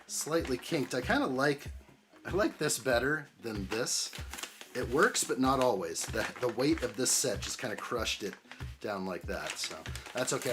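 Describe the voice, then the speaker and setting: A man's voice: mid-range voice, a bit bright. A man hosting a casual live stream, greeting viewers by name in an upbeat way while unboxing and building.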